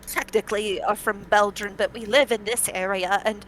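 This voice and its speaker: A woman voicing a shaken, rescued old village woman who is flustered and quick to cackle. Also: medium pitch, a bit bright, slight background noise, natural voice. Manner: flustered and teary, then bursts into cackling laughter.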